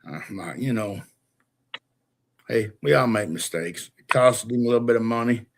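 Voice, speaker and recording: Gravelly guy, chill and shrugging, just talking casual with some swearing. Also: medium pitch, normal speed, a little hiss or hum. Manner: laid-back, shrugging, profane. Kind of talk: casual storytelling chat.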